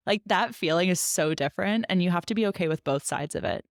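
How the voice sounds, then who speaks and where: A woman's voice: on the low side, fast, hardly any pauses, no echo, clean studio sound. A woman co-hosting a podcast in casual chat, chatty with many fillers and frequent laughs. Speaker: podcast co-host.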